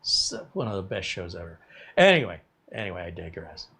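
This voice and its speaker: A man in his fifties with a somewhat low voice talks through a live stream. He chats in a loose, rambling way, drifting off topic and reading out viewer comments as he goes. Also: very animated, a little fast, sharp tone, slightly rough. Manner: rambling, chatty, reads viewer comments aloud. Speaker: tech YouTuber host. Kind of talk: casual live-stream chat.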